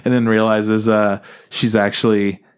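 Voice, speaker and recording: A man co-hosting a podcast in casual chat, animated and laughing often as he retells scenes. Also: measured pace, smooth. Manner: animated, acts out characters in high voices, laughs often. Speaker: podcast co-host.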